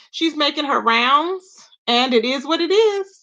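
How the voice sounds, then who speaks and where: A woman hosting a livestream, chatting casually with viewers, gossipy and animated, thanking them by name and laughing often. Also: high-pitched, moderate pace, muffled recording. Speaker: livestream host.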